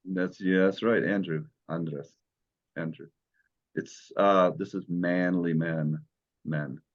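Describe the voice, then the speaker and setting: Man, teacher, patient step-by-step explaining, deep voice, dull recording. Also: fairly even intonation, slow pace. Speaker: Greek teacher. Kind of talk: classroom lesson.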